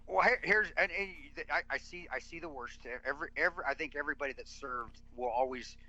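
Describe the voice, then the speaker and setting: Man with a bright, forceful voice, emphatic rambling podcast guest, dull dry recording. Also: a little high, fast. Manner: emphatic, rambling with many restarts. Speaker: podcast guest, military veteran. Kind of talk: casual podcast conversation.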